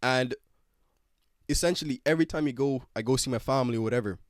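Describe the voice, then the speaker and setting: A man's voice: mid-range voice, fast, no room sound, studio quality. A young man in his twenties with an Irish accent, hosting a podcast in a rambling, slangy way. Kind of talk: casual chat.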